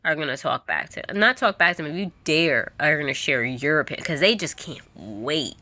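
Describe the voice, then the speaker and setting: A woman's voice: low voice, expressive, normal speed, sharp tone, dry recording. A woman vlogger giving an emphatic, candid monologue to camera. She often repeats herself and laughs now and then.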